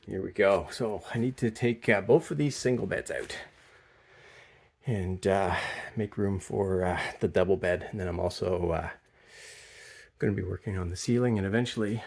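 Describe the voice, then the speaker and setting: A man's voice: lowish voice, vocal fry, breathy edge. A middle-aged man chatting casually as he films around his cottage, rambling easily with lots of fillers. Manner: rambling, relaxed, many fillers. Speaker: cottage vlogger. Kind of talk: casual vlog chat. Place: cottage, indoors and outdoors.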